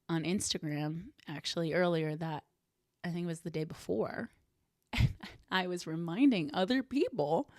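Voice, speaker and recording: A woman's voice: lowish voice, no echo, clean studio sound. Earnest woman hosting a reflective podcast. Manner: earnest, warm, self-reflective, laughs softly. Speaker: podcast host. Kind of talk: reflective solo podcast talk.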